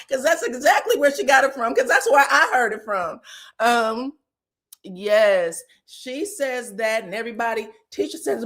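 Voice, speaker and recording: A woman hosting a casual reality TV recap, animated and profane, acting out quotes with loud outbursts and laughter. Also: fairly high pitch, unhurried.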